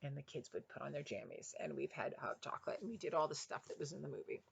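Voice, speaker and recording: A woman's voice: sits low, quick pace, vocal fry, husky. Woman, former kindergarten teacher, chatty, rambling, headset mic. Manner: chatty and rambling, with bursts of excitement. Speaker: retired kindergarten teacher reading picture books. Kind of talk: casual chat after a read-aloud.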